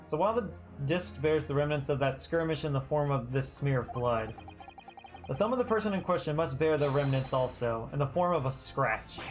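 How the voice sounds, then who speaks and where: A streamer voicing a young defense lawyer from a text game, earnest and steady. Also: mid-range voice, normal speed, soft background music, close to an everyday voice. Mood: firm.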